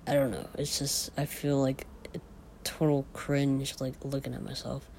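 A podcaster talking in a casual, confessional way, a man whose voice is changing and cracks now and then. He talks haltingly, with many fillers and restarts. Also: medium pitch, level tone, gravelly, darkish tone, a little hiss or hum.

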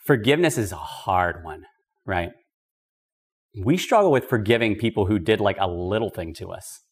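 A man's voice: fairly low pitch, animated, moderate pace, husky. A man teaching a podcast Bible study in an emphatic, conversational way, with casual asides. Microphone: podcast microphone.

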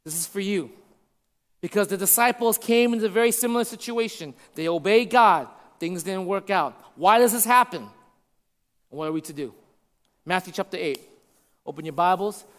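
A man preaching a sermon to a congregation, conversational and checking in with his listeners, dropping to a hush for emphasis. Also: high-pitched, expressive, moderate pace. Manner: shifts from loud to hushed for emphasis. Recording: long hall reverb.

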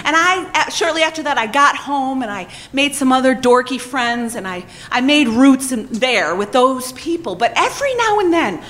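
A woman telling a humiliating personal story to a live audience, animated, self-mocking and full of swearing. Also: high-pitched, normal speed, few pauses.

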